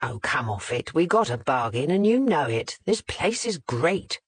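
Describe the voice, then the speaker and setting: A reader doing a whining irritable husband. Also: male voice, fairly high pitch, sing-song, measured pace, husky, heavily acted. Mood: dismissive. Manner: whining, growling.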